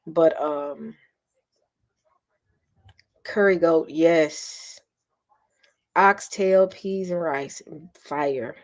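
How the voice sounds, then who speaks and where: A woman's voice: sits low, very slow, long pauses. A middle-aged woman, chatting casually with her live viewers. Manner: chatty, animated, addresses viewers as y'all. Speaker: vlogger talking to live viewers. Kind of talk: casual live-stream chat.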